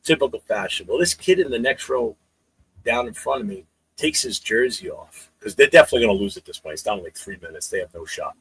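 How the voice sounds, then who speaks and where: A man's voice: lowish voice, fast talker, gravelly, breathy edge, no echo, poor audio. A man telling profane fan stories in a casual podcast chat. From New England. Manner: profane storytelling, animated. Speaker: podcast co-host.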